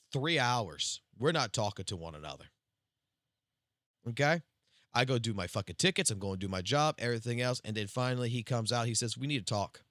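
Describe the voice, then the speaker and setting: Foul-mouthed, bright-voiced male streamer. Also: medium pitch, dry recording, clean studio sound. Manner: heavy swearing, animated storytelling. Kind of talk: casual storytelling on a live stream.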